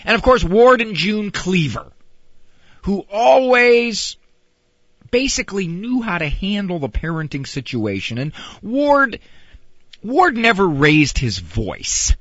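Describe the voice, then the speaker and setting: A middle-aged man and parent, talking about raising kids in a casual, animated monologue with a husky voice. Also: high-pitched, slow pace, no echo, dull audio. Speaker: parenting speaker.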